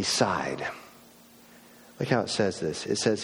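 A middle-aged male pastor preaching a sermon, swinging from loud mock outbursts to soft, low reflection. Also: sing-song, a little slow, long pauses, husky. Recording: long reverb of a large hall.

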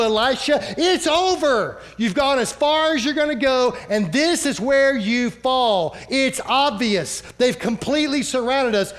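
A man's voice: a bit bright, exaggerated voice. A man voicing a panicking young male servant who is frightened and cannot believe what he is told. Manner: shrill, frantic, incredulous.

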